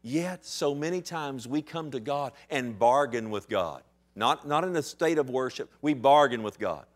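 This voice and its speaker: A man preaching a sermon to a congregation with impassioned emphasis, asking rhetorical questions and swinging between loud declarations and hushed intensity. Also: mid-range voice, animated, moderate pace. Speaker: pastor.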